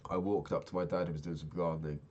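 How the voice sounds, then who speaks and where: A young man chatting casually while playing a game, rambling and swearing, sounding low and sad. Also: steady tone, quick pace, a little mellow, lo-fi sound. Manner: swears often, rambling and candid. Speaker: Minecraft vlogger.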